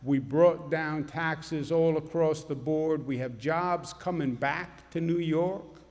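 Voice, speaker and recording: A middle-aged man with a rather high voice tells a lively, humorous story to a congregation. He speaks in a big church, his words ringing with long reverb. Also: takes it slowly. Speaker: politician giving a speech. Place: large church. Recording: long echo of a church hall.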